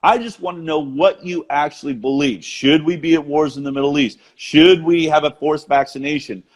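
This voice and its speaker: A man's voice: fairly high pitch, normal speed. A middle-aged American man with an American accent, earnestly making his case in a rousing conversational monologue on a video call. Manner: earnest, rousing, repeats words when excited. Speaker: show host being interviewed.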